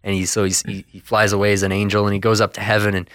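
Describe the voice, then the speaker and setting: A young man co-hosting a podcast, casually recapping a cartoon episode in a rambling, animated way. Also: on the low side, racing, no echo, clean studio sound. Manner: rambling, animated storytelling with lots of fillers and swearing. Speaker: podcast co-host.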